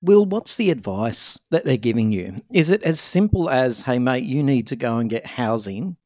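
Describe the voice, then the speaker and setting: A man interviews a guest, asking gentle questions. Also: medium pitch, lively intonation, normal speed, dry recording, clean studio sound.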